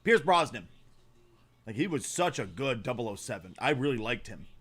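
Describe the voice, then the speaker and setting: A man's voice: mid-range voice, big pitch swings, normal speed, fairly bright tone, husky. A man hosting a casual livestream, reacting bluntly with lots of swearing and often trailing off while he searches for names. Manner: blunt, profane, opinionated. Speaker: livestream host.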